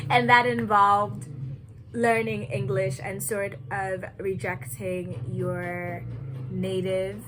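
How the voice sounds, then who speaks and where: A woman from Kenya giving an earnest, deliberate personal reflection, with nervous laughs now and then. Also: mid-range voice, a little hiss or hum, poor audio. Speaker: vlogger.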